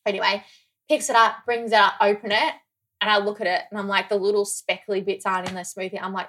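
Chatty woman from australia, bright sharp voice, animated storyteller who swears a lot. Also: mid-range voice, fast talker. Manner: animated, swears freely, acts out quoted dialogue. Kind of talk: casual chat, storytelling.

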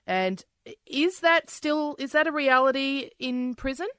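A woman's voice: high-pitched, animated, a little slow, a bit bright, dry recording. A woman hosting an interview, engaged and asking follow-up questions. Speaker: interviewer host. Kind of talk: radio-style interview.

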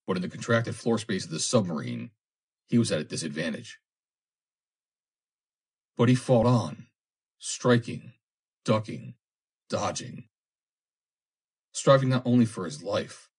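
Deep, husky male storyteller. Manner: measured, dramatic storytelling. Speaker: narrator. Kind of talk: dramatic audiobook narration.

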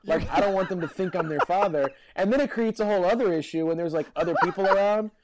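A man's voice: high-pitched, fast talker, crowd noise. A man co-hosting a casual podcast chat, telling rambling stories and laughing often.

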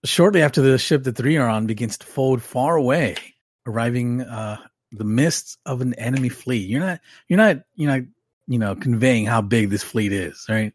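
A man's voice: mid-range voice, moderate pace, no room sound, studio quality. A man co-hosting a podcast, reading a recap aloud with wry joking asides. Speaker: podcast co-host.

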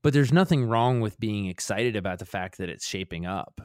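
A man's voice: on the low side, lively intonation, normal speed, a little mellow, no room sound, clean studio sound. A man co-hosting a podcast, talking in a rambling, self-reflective way with many restarts. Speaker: podcast co-host. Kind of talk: casual chat.

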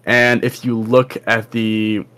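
Brief: male dungeon master, mid-pitched, loose and rambling narration. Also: level tone, takes it slowly, bright, forceful tone, clear, resonant tone. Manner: rambling, loose with many fillers. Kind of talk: narrating a tabletop game.

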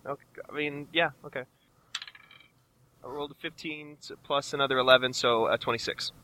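A man's voice: medium pitch, steady tone, a little fast, bright, forceful tone. A man playing a tabletop game, playful and hammy when speaking in character. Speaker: player. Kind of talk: casual tabletop play.

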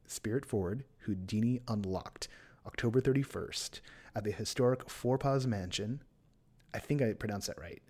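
A man's voice: fairly low pitch, normal speed, a little mellow. A man hosting a podcast in a casual chat, running through event listings with playful, self-mocking asides. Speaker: podcast host.

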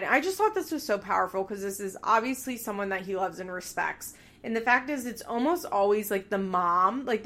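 A woman's voice: mid-range voice, a bit bright. A woman giving a casual, candid recap of a reality TV episode, swearing freely as she talks.

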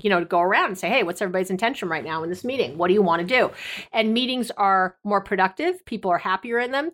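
A woman's voice: medium pitch, fairly bright tone. A middle-aged woman hosting a relationships podcast, talking in an effusive, chatty way with lots of fillers. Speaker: podcast host, therapist. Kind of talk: casual podcast monologue.

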